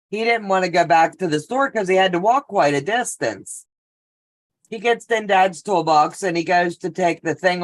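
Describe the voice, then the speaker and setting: Chatty middle-aged woman hosting a sewing stream. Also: on the low side. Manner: chatty, storytelling, greets viewers by name. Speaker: live-stream sewing show host. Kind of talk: casual chat while sewing.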